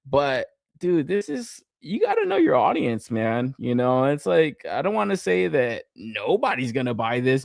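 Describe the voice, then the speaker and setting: Animated, profane man ranting. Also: mid-range voice, unhurried, creaky, hardly any pauses, no echo, studio quality. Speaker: podcast host. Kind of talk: casual ranting podcast talk.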